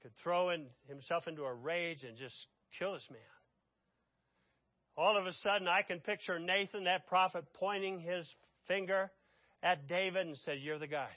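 A man preaching a sermon, telling the story dramatically and swinging from loud outbursts to hushed asides. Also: high voice, normal speed, dry recording, muffled recording.

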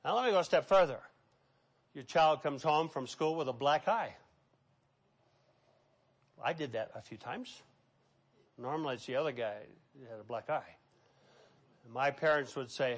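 Middle-aged pastor, male, high voice, emphatic preaching with big loud-soft swings. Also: moderate pace. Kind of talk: sermon.

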